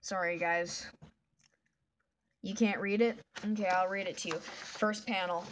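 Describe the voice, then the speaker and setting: A woman's voice: mid-range voice, steady tone, measured pace, pauses often, a little hiss or hum. A woman chatting casually while drawing a comic, rambling and often restarting her sentences. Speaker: artist drawing a fan comic.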